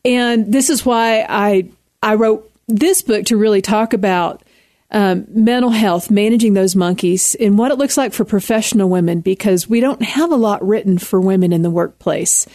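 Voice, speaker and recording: A woman's voice: mid-range voice, normal speed, a little mellow, no echo, clean studio sound. A woman in her fifties with a Texan accent, an author speaking frankly and earnestly as a guest on a radio interview. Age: 50s. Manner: earnest, frank, laughs easily.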